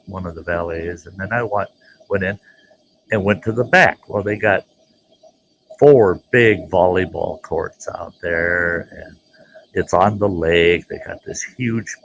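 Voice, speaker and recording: A man telling a folksy, animated story as the host of his own show, jumping into voices for the people he quotes. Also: low voice, creaky, a little hiss or hum, low-quality recording. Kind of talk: casual spoken storytelling.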